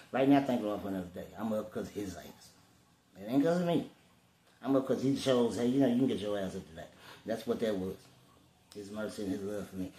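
A man speaking casually and profanely about faith, rambling like a street preacher with sudden loud bursts. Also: mid-range voice. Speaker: vlogger. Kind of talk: casual spiritual monologue. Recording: roomy with faint ambience.

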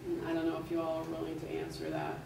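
Woman, low and gravelly, direct questioner, distant echoey room with noise. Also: very animated, quick pace. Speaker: resident speaking at public comment. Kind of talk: public comment at a school board meeting. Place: large meeting room.

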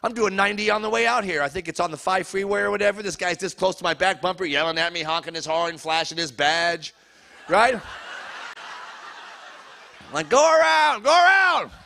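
High, bright-voiced stand-up comic man. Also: creaky. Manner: loud, fast-joking, teases the audience. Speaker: stand-up comedian. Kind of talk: stand-up comedy set with crowd work. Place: comedy show before a live audience.

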